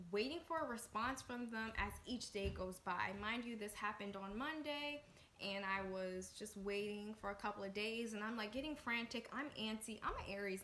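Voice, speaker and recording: A young woman from the Washington, D.C. area telling a storytime vlog, excitable and chatty, with lots of fillers. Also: medium pitch. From Washington, D.C. area, USA. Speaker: vlogger. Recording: echoey room with faint noise.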